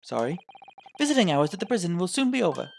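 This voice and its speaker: A man's voice: high-pitched, big pitch swings, fast, vocal fry, darkish tone, pitched above the performer's own voice, exaggerated voice. A man voicing a pompous, confident detective in a game, lecturing in formal, old-fashioned phrasing.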